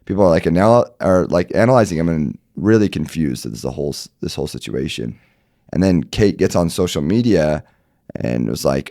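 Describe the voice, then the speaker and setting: A man in his thirties co-hosting a casual podcast while sick, his voice gone deep, trolling in a deadpan way with lots of "right?". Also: a little fast, gravelly, no echo, clean studio sound. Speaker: podcast co-host. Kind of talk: casual chat.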